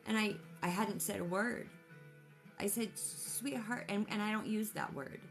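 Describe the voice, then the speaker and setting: A woman's voice: medium pitch, steady tone, moderate pace, creaky, soft background music. A mother telling a personal story casually, in an emotional, rambling way with many restarts.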